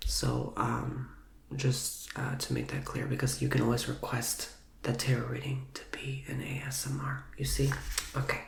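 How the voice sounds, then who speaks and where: A man gives a whispered ASMR tarot reading in a soft, casual way. His voice is nasal and a little stuffy from a recent illness, with a gravelly, creaky edge. The recording sounds roomy and echoey. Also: medium pitch, monotone, moderate pace. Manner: soft, casual, with many fillers. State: recovering from illness, slightly stuffy.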